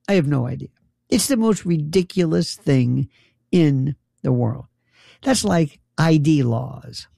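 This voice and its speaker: A man's voice: a little high, creaky, warm tone, slightly rough, dry recording, studio quality. A middle-aged man hosting a talk show, telling a comedic story in a sarcastic, incredulous way that rambles and restarts.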